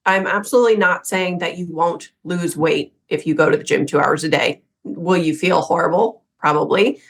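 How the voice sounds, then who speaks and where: A woman in her thirties talks casually on a podcast, candid and quick to poke fun at her younger self. Her voice sits a little low, and she acts out her past thoughts in quoted asides. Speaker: podcast co-host.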